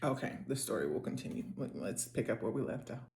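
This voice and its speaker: A woman's voice: extremely low pitch, very animated, fast, creaky, darkish tone. A woman hosting a makeup storytime vlog, giving wry, chatty reaction commentary. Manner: chatty, wry asides with laughter.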